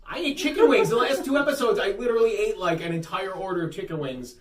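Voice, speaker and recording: A man's voice: sits high, quick pace. A man co-hosting a casual talk show, bantering and telling jokey stories with a Western New York accent. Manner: animated, jokey storytelling. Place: underground bunker room. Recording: echoey room, distant mic, faint hiss.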